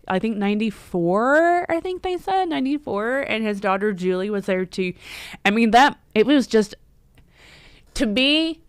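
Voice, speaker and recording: A middle-aged woman chats on a casual live stream, getting teary and laughing as she talks. Her voice is smooth and clear, recorded dry and close with no room sound. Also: a little high, expressive, unhurried, no echo. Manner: emotional, teary and laughing, chatty. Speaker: livestream host and horror store owner.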